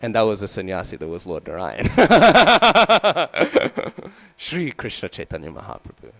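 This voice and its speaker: A gravelly, expressive male voice moves at a quick pace through a scripture class in a temple hall. He keeps asking "hmm?" and "right?" and raises his voice when acting out quotes, captured on a low-quality recording with a low hum of mains noise.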